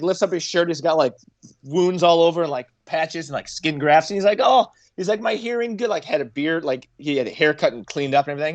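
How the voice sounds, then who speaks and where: Man telling stories, high-pitched and dry. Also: fast talker, no room sound. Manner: animated, acts out quotes in raised voices. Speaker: podcast guest, former Marine. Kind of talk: casual storytelling.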